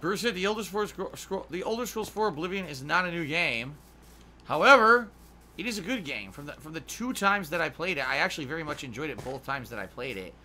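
A man's voice: on the high side, lively intonation, a little fast, sharp tone, a little hiss or hum. A man chatting casually while streaming a game, swearing often and ranting in heated, emphatic bursts. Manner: profane, ranting. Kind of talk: casual gameplay chat.

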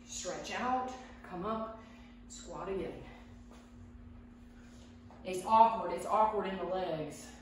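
A woman's voice: fairly low pitch, takes it slowly, far from the mic. A chatty woman talks through a home workout, out of breath as she goes. Her voice rings around a very echoey room and sits well back from the mic. A faint hum of room noise runs underneath. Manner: chatty, talks while exercising. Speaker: fitness vlogger. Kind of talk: casual workout instruction.

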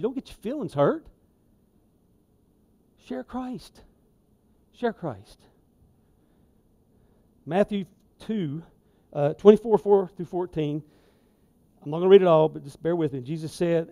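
A man preaching a sermon in a church, folksy and conversational, with emphatic asides and swings in loudness. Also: sits high. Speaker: lay preacher. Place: church sanctuary.

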